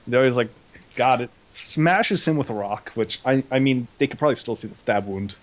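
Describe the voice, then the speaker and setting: A man's voice: mid-range voice, fairly quick. Young man doing a goofy recap. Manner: goofy paraphrasing with slangy quoted voices. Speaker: co-host recapping an episode. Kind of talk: casual comedic recap.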